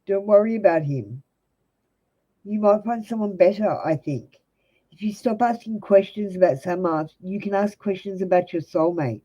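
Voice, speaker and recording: A woman's voice: mid-range voice, dark tone, breathy edge, lo-fi sound. An Australian woman giving blunt, direct tarot readings to viewers on a live stream. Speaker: tarot reader.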